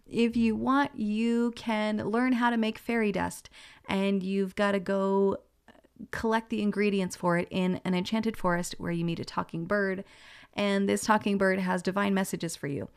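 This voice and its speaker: A woman relaying a channeled spiritual message, gentle and musing, passing on what she hears and sees and often laughing. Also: medium pitch, steady tone, a little slow, clear, resonant tone.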